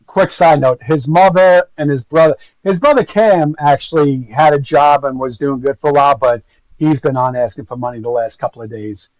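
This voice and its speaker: A man's voice: a little high, moderate pace, a little mellow, dry recording, low-quality recording. A man giving casual, rambling, gossipy commentary to his stream viewers. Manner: rambling, gossipy, full of fillers.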